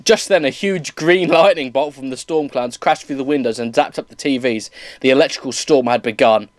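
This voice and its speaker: A man's voice: medium pitch, fairly quick, no echo. A man reading bad fan fiction aloud for laughs, often breaking into laughter and tripping over words. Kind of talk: comedic dramatic reading with commentary.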